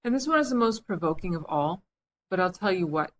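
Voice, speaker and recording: A woman reading the part of a polite, curious seven-year-old girl in a storybook, earnest and gentle in manner. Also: on the low side, lively intonation, fairly quick, a little hiss or hum, natural voice.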